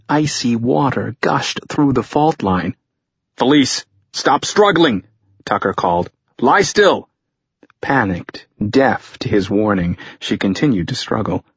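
A man narrates a thriller audiobook in measured, tense storytelling. His voice is low, husky and slowly paced. The recording is dry and close, with a dull lo-fi tone. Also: no room sound.

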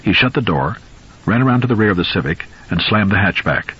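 A man reads a novel aloud in a measured, suspenseful way. His voice is deep and very husky, and the recording sounds slightly dull and lo-fi. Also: animated, a bit bright. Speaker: audiobook narrator. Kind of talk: scripted novel narration.

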